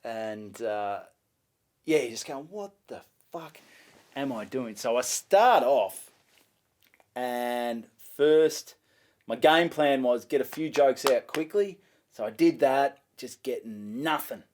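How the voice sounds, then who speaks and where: An Australian man in casual conversation, telling a gig story with lively, swearing energy. He acts out what he and others said in each exchange, in a voice of middling pitch. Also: slow. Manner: animated, swears freely, acts out both sides of exchanges. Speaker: stand-up comedian, guest.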